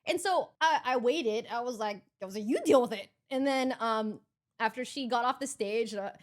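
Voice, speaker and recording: A young woman streamer casually recounting a story, acting out her own and others' lines in lively quoted voices. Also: on the high side, normal speed. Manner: animated, quoting herself in lively voices.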